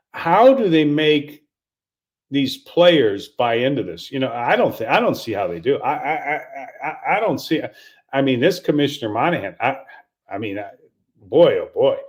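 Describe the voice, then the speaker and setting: With a medium-pitched, slightly mellow voice, an older golf coach delivers animated commentary full of disbelief and irritation. He keeps restarting and repeating points, punctuated by sarcastic laughter.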